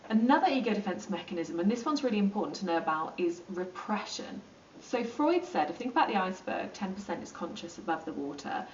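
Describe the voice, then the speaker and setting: A woman's voice: mid-range voice, sing-song, darkish tone, a little hiss or hum. Chatty woman teaching in an echoey room. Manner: chatty, with many ums and quick acted-out asides. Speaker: psychology teacher. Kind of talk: informal lesson explaining to camera. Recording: roomy, distant and dull.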